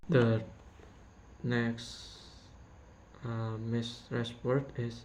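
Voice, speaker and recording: A young man giving a class presentation that analyzes mispronunciations, slow and halting with fillers and self-corrections. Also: medium pitch, little pitch movement, a little mellow. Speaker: student presenter. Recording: faint background noise.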